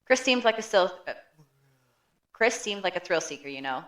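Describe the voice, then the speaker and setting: A woman co-hosting a podcast, narrating a prepared story in a steady manner with dry quips. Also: medium pitch, moderate pace. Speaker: podcast co-host. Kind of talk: reading scripted narration.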